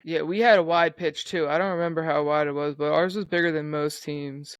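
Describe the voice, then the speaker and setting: A man's voice: on the high side, steady tone, fairly quick, clean tone, no echo. A young man co-hosting a podcast, chatting casually in a laid-back, profane way. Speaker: podcast co-host. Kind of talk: casual chat.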